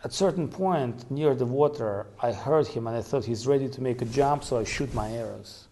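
A man telling devotional stories in a halting way with many fillers. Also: medium pitch, dark tone. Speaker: storyteller. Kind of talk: devotional storytelling.

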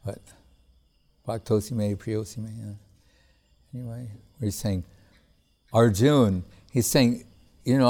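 A man's voice: lowish voice, steady tone, takes it slowly, pauses often, darkish tone. A man giving a casual devotional class as a spiritual teacher, talking in a loose conversational way with frequent chuckles and restarts.

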